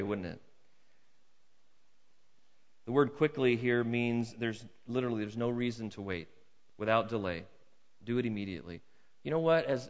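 A man's voice: medium pitch, big-room sound, muffled recording. A middle-aged male pastor preaching a sermon, talking to the congregation in a conversational way, acting out little scenes and asking questions. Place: church sanctuary.

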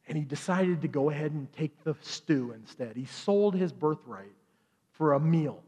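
A pastor preaching a sermon in church, retelling the story with lively asides and briefly acting out each character in quick voices. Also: male voice, on the high side, big-room sound. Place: church sanctuary.

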